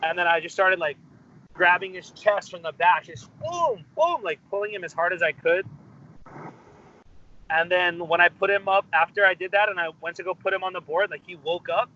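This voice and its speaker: A man's voice: sits high, moderate pace, pushed and bright. A young man from Hawaii, telling a story in a casual interview with many fillers and restarts. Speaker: musician guest. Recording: dull lo-fi interview audio.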